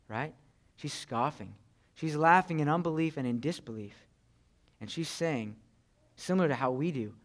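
A man's voice: medium pitch, unhurried. A young man preaching a conversational sermon, chatty, with frequent "right?" and "you know". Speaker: pastor.

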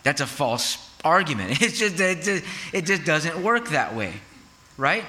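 A man's voice: a little high, sing-song, unhurried, sharp tone. A man preaching a sermon as pastor, in a conversational style that keeps asking the congregation rhetorical questions.

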